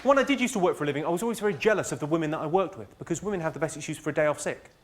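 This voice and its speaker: A British man performing live stand-up, delivering one-liners in a dry, deadpan way on a comedy stage. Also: fairly high pitch, very fast, over a noisy crowd, heavy background noise. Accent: British English.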